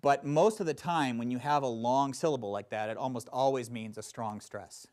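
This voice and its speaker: A man teaching a Shakespeare acting class, explaining verse in an animated way with playful asides. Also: medium pitch, moderate pace. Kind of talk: classroom instruction.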